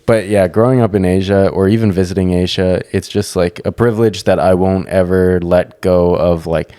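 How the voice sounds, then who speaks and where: A man's voice: sits low, steady tone, moderate pace, warm tone, smooth, dry recording, clean studio sound. A young man chatting casually on a podcast, rambling and swearing freely as he tells stories. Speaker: podcast co-host.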